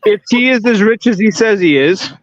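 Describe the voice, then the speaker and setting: A man's voice: high-pitched, normal speed, highs cut off, a crowd in the background. A man cohosting a casual podcast, blunt and crude. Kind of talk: casual group podcast banter.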